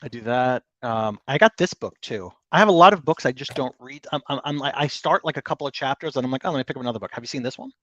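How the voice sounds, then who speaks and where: A man's voice: mid-range voice, quick pace, hardly any pauses, fairly bright tone, no echo, lo-fi sound. A man co-hosting a casual livestream, joking around and reading viewer comments aloud. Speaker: livestream co-host.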